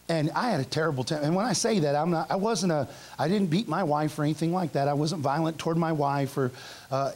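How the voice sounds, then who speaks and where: A middle-aged male pastor preaching a revival sermon, telling stories and acting out his own past outbursts with shouts, in a church. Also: fairly high pitch, slightly rough. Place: church sanctuary.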